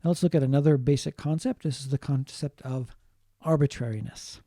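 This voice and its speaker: A man giving a linguistics lecture, explaining slowly, repeating key points and adding short Japanese glosses. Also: mid-range voice, warm tone, no echo, clean studio sound. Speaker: linguistics teacher. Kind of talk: online lecture.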